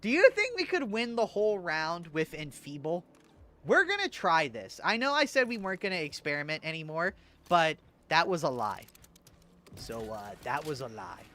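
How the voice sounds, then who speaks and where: A man's voice: high-pitched, very animated, moderate pace, pushed and bright. A young man streaming a game, chatting casually with his chat, joking and swearing and laughing at his own bits. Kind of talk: casual gaming livestream chat.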